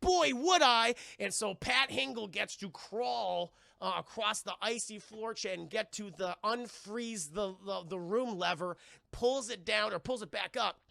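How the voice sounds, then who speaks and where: A man streams a casual, profane scene-by-scene film recap and keeps talking to his chat as he rambles. His voice is fairly high, bright and gravelly, and the sound is dry and close. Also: unhurried, no echo.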